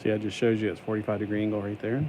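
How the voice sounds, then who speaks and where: Male hobby vlogger, low-pitched, chatty rambling build commentary over steady background noise. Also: very fast. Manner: rambling, talks to himself, sings and jokes while building; puts on a stuck-in accent today. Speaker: YouTuber building a LEGO set.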